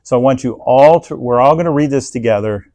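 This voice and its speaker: A man preaching a sermon in a conversational, animated way, leading the congregation in reading aloud and acting out people's inner thoughts. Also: medium pitch, fairly quick.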